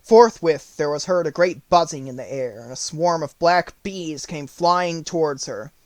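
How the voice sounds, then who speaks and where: A man reading an audiobook, narrating the story in clear, even tones. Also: on the high side, unhurried, no echo.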